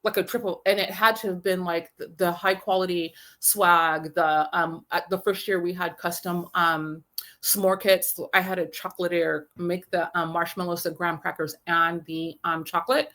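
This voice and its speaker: A woman, a film festival founder, telling stories in a casual interview, rambling and animated with many fillers. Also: on the low side, normal speed.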